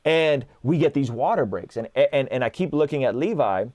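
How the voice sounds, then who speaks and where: Animated man telling stories, dry sound. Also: mid-range voice, normal speed, no room sound. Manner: animated storyteller, acts out dialogue, frequent "like" and "right?". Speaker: guest. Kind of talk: casual conversation.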